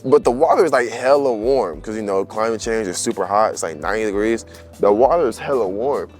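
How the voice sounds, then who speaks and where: A man's voice: on the low side, a little fast, darkish tone, soft background music. A young man telling a story in casual, slangy chat and laughing as he goes.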